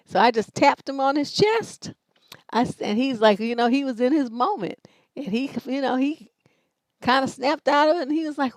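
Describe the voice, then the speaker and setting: A woman's voice: high-pitched, moderate pace, dry recording. A middle-aged woman hosting a livestream relationship advice show, talking bluntly and with plenty of swearing. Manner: blunt, profane, brash storytelling.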